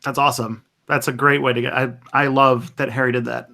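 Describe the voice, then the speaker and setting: An easygoing man hosts a casual live stream, chatting loosely and improvising as he goes. His voice sits at a middling pitch for a man. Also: level tone, brisk, gravelly, sharp tone.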